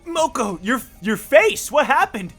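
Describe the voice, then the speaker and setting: A streamer giving let's play commentary with jumpy, excitable reactions while reading a story game aloud. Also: sits high, unhurried, soft background music.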